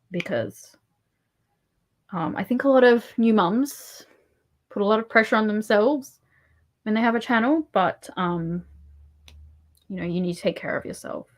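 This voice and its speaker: An Australian woman hosting a casual livestream, soft-spoken and rambling, often dropping to a murmur. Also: medium pitch. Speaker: livestream host.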